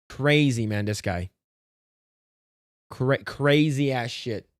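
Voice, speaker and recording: A man's voice: mid-range voice, slow, pauses often, no echo, studio quality. A man streaming casual reaction commentary, ranting bluntly and profanely with frequent restarts.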